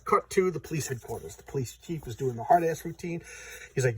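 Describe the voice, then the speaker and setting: A man's voice: fairly high pitch, lively intonation, fairly quick, breathy edge. A man casually retelling a comic's plot in a rambling, stammering way. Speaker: comic book reviewer.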